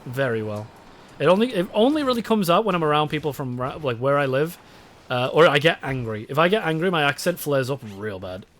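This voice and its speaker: A man's voice: on the high side, very animated, fast, fairly bright tone. Rambling, swearing young British streamer man. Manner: swearing, rambling, reads chat aloud. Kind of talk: casual live-stream chat while gaming.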